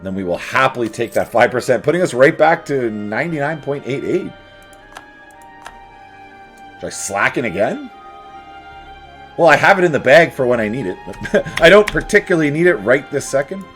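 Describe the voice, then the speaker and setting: A man's voice: mid-range voice, big pitch swings, normal speed, pauses often, fairly bright tone. Playful man narrating his own gameplay. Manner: playful, jokey, talks to the game units. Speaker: strategy game streamer. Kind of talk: casual gameplay commentary. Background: faint game music.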